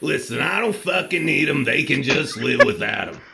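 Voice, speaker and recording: A man voicing a weary, foul-mouthed stallion who speaks gruffly and curtly. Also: a little high, animated, moderate pace, music in the background. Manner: gruff, bored, curt, swears.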